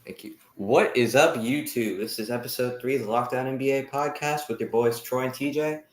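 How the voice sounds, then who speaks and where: A young man co-hosting a casual sports podcast, energetic and running the segments. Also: medium pitch, a little fast. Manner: energetic, runs the segments, lets out loud whoops. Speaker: podcast co-host. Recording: echoey room.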